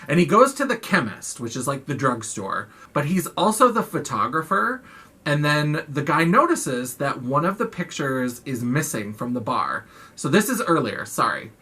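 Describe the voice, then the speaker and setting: Female vlogger, casual and profane film recap, bright forward tone. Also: deep voice, sing-song, moderate pace, slightly rough. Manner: chatty, profane, lots of "like".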